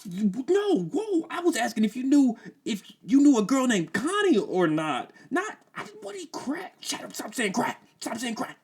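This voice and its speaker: A man putting on a panicky young man's voice, high and frantic, yelping as he reads a scene. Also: huge pitch swings, normal speed, few pauses, slightly rough, exaggerated voice.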